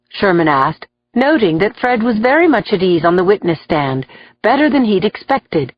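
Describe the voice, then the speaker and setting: Steady woman narrating a thriller audiobook. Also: medium pitch, normal speed, no room sound, dull audio. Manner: steady, clear storytelling.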